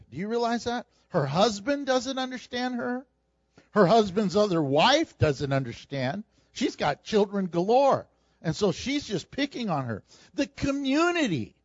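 High, animated male preacher. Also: dry recording, highs cut off. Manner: animated preaching, acts out quoted voices with humor. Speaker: pastor. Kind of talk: sermon.

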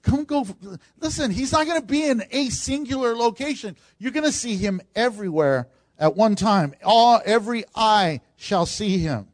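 A man with a high voice preaches a sermon, lively and conversational, slipping into little acted voices for the people he quotes. The sound is dry and close, with no room around it. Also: normal speed, no room sound. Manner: animated, acts out quoted voices of congregants. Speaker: pastor.

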